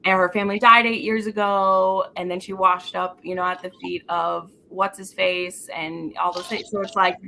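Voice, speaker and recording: This woman hosts a casual book discussion over a live stream. Her voice is bright and forceful, her talk animated and loose. A faint hum of room noise sits behind her. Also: lowish voice, gravelly, rough recording. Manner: animated, talks in quick runs with many "like"s. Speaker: book club host.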